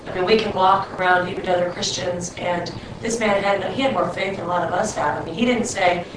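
Female group member, earnest, lowish voice, distant echoey room recording. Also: a little fast, noisy background. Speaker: Bible study participant. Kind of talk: group discussion.

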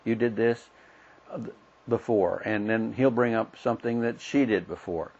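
A man's voice: on the low side, moderate pace, creaky, a little mellow. A middle-aged man teaching a Bible lesson in a folksy, plain-spoken way, acting out everyday conversations. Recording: dull lo-fi recording.

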